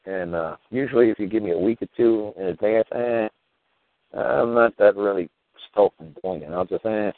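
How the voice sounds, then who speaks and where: A man's voice: lowish voice, normal speed, dry recording. A man hosting a show, telling rambling stories in a casual, profane way, peppered with "you know" and "man". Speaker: show host. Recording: tinny phone-line sound.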